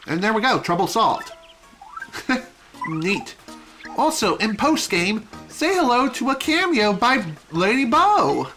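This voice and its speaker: A woman's voice: on the high side, big pitch swings, takes it slowly, a bit bright, faint music behind. A woman streaming a video game, with casual, wry commentary.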